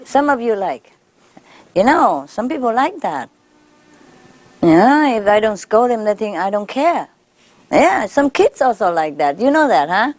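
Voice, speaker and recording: A woman spiritual teacher speaking informally to her followers, laughing often and repeating warm phrases. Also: a little high, very animated, measured pace, pauses often, no room sound. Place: gathering with a live audience.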